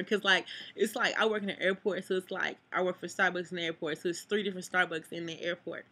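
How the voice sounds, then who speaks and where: A woman's voice: lowish voice, steady tone, fast talker, few pauses, pushed and bright, husky. A sad, upset young woman venting to viewers in a rambling vlog, cursing freely. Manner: rambling, cusses, addresses viewers. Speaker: vlogger.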